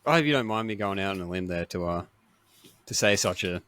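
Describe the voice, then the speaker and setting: A man's voice: low voice, brisk, dry recording. Joking, swearing Australian young man. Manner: joking, profane, animated. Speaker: podcast co-host. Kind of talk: casual chat.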